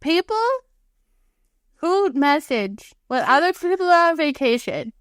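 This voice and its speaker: A young woman co-hosting a podcast, with a somewhat high voice and a chatty, filler-heavy way of talking as she acts out her own replies. The sound is close and dry. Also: sing-song, unhurried, dry recording. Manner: chatty, full of "like", quoting her own retorts. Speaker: podcast co-host. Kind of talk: casual chat.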